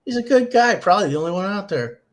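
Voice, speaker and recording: A man's voice: sits high, expressive, quick pace. A man co-hosting a casual podcast chat, joking around and rambling in a goofy way. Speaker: podcast co-host.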